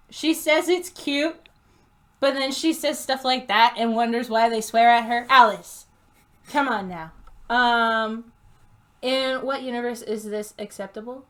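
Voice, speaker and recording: A woman's voice: on the high side, a bit bright. A woman streaming a game, reading its text aloud and chatting casually, laughing often and tripping over unfamiliar names. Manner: giggly, reads slowly and stumbles on names.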